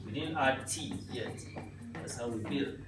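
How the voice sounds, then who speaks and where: A man's voice: mid-range voice, measured pace. A man teaching a youth language class, patiently walking his students through simple phrases and often checking with "right?". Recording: echoey room, mic far off, music behind.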